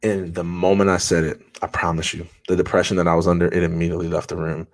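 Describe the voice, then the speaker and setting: Male podcast guest, low voice, earnest and conversational storytelling. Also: level tone, fast. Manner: earnest, conversational, with frequent restarts and fillers. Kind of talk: personal storytelling in a podcast interview.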